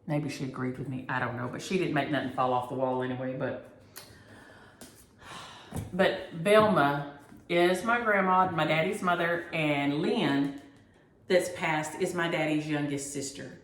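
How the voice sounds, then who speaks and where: A woman hosting a needlework vlog, telling a story in an animated, exasperated way. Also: low-pitched, a little slow, pauses often. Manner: animated, exasperated storytelling with Southern turns of phrase. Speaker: flosstube host. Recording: echoey room.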